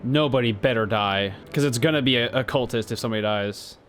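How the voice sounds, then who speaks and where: A man commenting on a game he is playing, with loud, exasperated outbursts. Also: medium pitch, brisk, faint music behind. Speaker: gaming youtuber. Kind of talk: let's play commentary.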